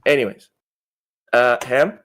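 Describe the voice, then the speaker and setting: A man's voice: mid-range voice, slow, a bit bright. A man hosting a gaming podcast, talking casually in a mid-range voice. He restarts and repeats words as he goes. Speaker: podcast host.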